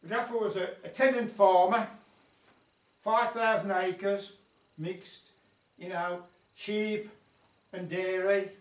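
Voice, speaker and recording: A man voicing a boastful, womanising male sheepdog who chats on as he tells his life story, recorded at a folk club. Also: high-pitched. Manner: chatty yarn-spinning, bragging. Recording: roomy club sound from far off.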